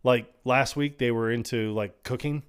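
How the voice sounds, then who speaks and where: A man co-hosting a casual podcast, retelling film scenes with lively acted-out quotes and laughter. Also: mid-range voice, moderate pace, clear, resonant tone. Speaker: podcast co-host. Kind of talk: casual chat.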